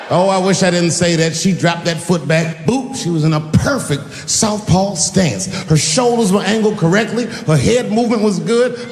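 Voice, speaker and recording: Lively male comedian on a reverberant stage. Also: high voice, measured pace, few pauses, a little hiss or hum. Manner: lively, punchy delivery with acted-out voices. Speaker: stand-up comedian. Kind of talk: stand-up comedy set.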